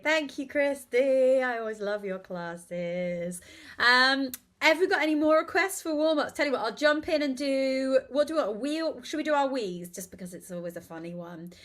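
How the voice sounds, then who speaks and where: A woman hosting a live online vocal warm-up class, chatting, asking for requests and guiding the group through exercises. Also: high voice, expressive, normal speed. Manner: friendly, chatty, invites requests, guides exercises. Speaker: host and vocal coach.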